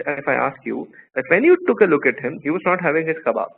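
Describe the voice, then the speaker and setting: A man's voice: on the high side, very animated, fast talker, creaky. A man teaching a law class online, telling playful stories and quizzing his students. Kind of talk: live online class lecture. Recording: tinny phone-like line, faint noise.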